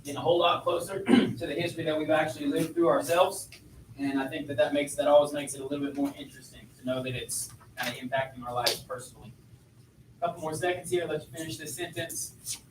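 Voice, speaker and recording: A man's voice: a little high, fairly even intonation, quick pace, noisy background. A man teaching a history class in a chatty lecture style, asking his students questions as he goes. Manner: conversational, asks students questions. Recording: echoey classroom, voice from far off.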